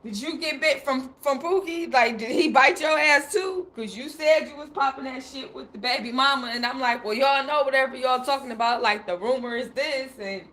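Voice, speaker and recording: A woman's voice: sits high, moderate pace, hardly any pauses. A young woman on a livestream, telling a personal story in a loose, slangy way and laughing often as she acts out what she said. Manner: animated, laughing, slangy, quoting herself. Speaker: livestream host.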